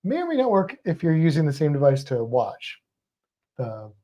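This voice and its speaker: A man's voice: on the high side, big pitch swings, moderate pace, mellow, highs cut off. A man co-hosting a livestream in casual chat. He rambles, hesitates often and laughs a lot. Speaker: livestream co-host.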